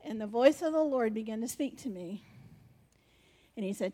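A woman's voice: fairly high pitch, animated, normal speed, long pauses, warm tone. A woman preaching animatedly and directing a live skit with her congregation.

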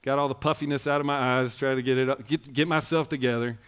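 A man's voice: medium pitch, steady tone, quick pace, fairly bright tone, clean tone. A man giving a personal testimony sermon, telling his story in rambling, self-interrupting phrases and earnestly urging his listeners. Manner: earnest, exhorting the congregation. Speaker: church speaker.

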